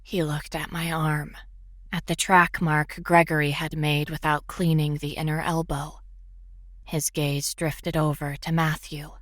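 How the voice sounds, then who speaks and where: A young woman narrating a horror story in first person, often in a hushed, whispery voice. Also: sits low, flat delivery, a little slow, dry recording, clean studio sound. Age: young adult.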